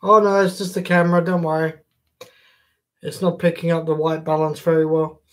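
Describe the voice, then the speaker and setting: A man's voice: a little high, little pitch movement, moderate pace. A man chatting casually to viewers on a live stream, jokey and swearing freely.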